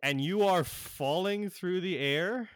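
A man running a tabletop game as game master, narrating in a halting way with many fillers and frequent laughs. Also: sits high, no room sound, clean studio sound.

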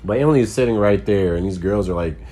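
A man's voice: lowish voice, quick pace, mellow. A man, a stand-up comedian, telling a loose, rambling story in casual talk full of profanity and "like".

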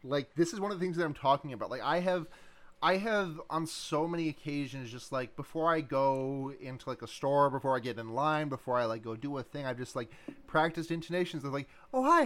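A podcast guest talking casually about a film in a wry, halting way, often restarting words. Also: mid-range voice, a bit bright.

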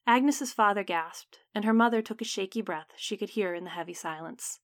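A woman reading a story aloud in measured, dramatic audiobook narration. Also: medium pitch, no room sound, studio quality.

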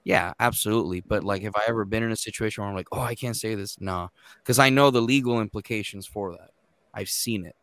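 Low-voiced man swearing casually in chat. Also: quick pace, dry recording. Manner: profane, animated storytelling. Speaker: court interpreter.

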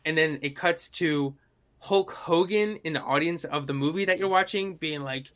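A young man in casual chat, telling stories in an animated way and acting out the quotes. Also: on the high side, normal speed. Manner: animated storytelling, acts out quotes.

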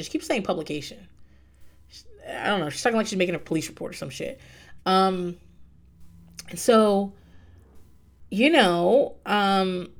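A woman recapping a reality show in a casual, blunt monologue, swearing freely and laughing often. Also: on the low side.

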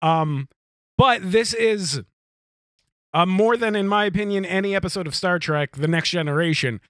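Earnest, hesitant male podcaster; high voice, dry close mic. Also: fairly bright tone, no room sound. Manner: halting, many fillers and restarts, earnest. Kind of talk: casual chat.

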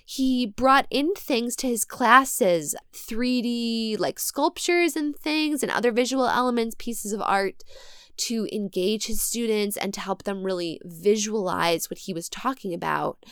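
Midwestern woman, podcast host. Chatty and bright, laughs often, smooth clear voice, dry close sound. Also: a little high, measured pace, dry recording. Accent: Midwestern American. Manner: chatty, laughs often, asides and self-corrections. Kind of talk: casual podcast narration.

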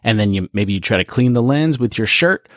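A man co-hosting a podcast in casual chat, emphatic and animated, with casual swearing. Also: fairly low pitch, fairly quick, no room sound, clean studio sound. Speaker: podcast co-host.

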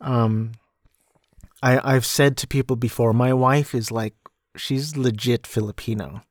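A man's voice: mid-range voice, steady tone, measured pace, no room sound, clean studio sound. A man hosting a podcast, casually recapping a film in a rambling, self-deprecating way, with frequent restarts. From United States. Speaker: podcast host.

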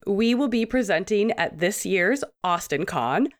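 Woman podcast co-host, sick-sounding voice, animated chatty delivery. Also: medium pitch, unhurried. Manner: chatty, laughs between points. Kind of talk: casual podcast chat.

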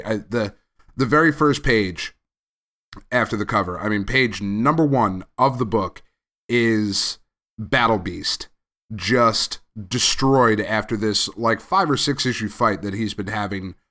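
A man's voice: lowish voice, a bit bright. A man co-hosting a casual podcast, talking through the comics he read in an easygoing way. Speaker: podcast co-host. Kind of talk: casual comic book review chat.

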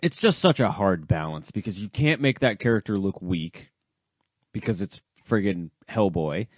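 A man co-hosting a casual wrestling podcast, animated and loose, swearing and trailing off into asides. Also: low-pitched, normal speed, no echo, clean studio sound. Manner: animated, swearing, jumps between loud and mumbled asides. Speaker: podcast co-host.

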